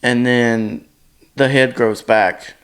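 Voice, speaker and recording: A man's voice: mid-range voice, steady tone, slow pace, a bit bright, clear, resonant tone. A man casually recapping a movie plot in a rambling, blunt and crude way, full of fillers.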